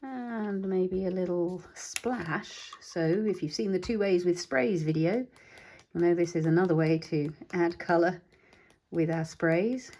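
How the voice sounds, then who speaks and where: A woman's voice: lowish voice, measured pace, a little mellow. Chatty woman thinking aloud while crafting. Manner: chatty, thinks aloud, talks to her supplies. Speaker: craft tutorial host. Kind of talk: casual demonstration while crafting.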